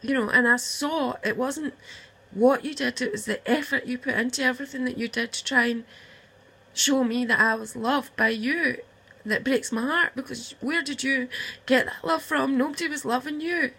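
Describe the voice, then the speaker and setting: A woman's voice: high-pitched, normal speed, gravelly, bright, forceful tone, slightly rough, rough recording. A woman, upset and close to tears, rambling heartfelt words straight to her estranged sister in a personal video message. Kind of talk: emotional personal message to camera.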